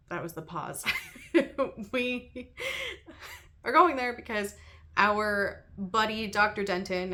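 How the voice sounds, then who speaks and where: A woman talking casually through her week's reading with an even, middle pitch. She rambles, giggles often and fills her pauses with ums. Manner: chatty and giggly, laughs often between thoughts; rambling with frequent ums and restarts. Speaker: book reviewer and channel host. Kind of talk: casual chat.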